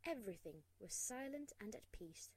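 A woman narrating a storybook aloud, expressive and hushed in tense moments. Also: medium pitch, normal speed, slightly rough, no room sound, poor audio.

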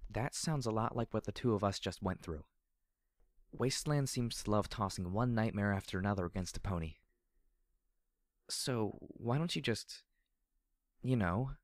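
A man's voice: fairly low pitch, normal speed, pauses often, no echo, pitched above the performer's own voice, natural voice. A man voicing a wary young female unicorn wanderer who speaks bluntly and edgily in an audiobook reading.

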